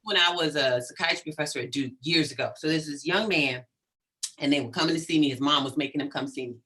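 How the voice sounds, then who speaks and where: Animated, emphatic middle-aged woman. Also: low voice, fast talker. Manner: animated, emphatic, frequent "right?". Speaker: psychologist guest. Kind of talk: conversational interview.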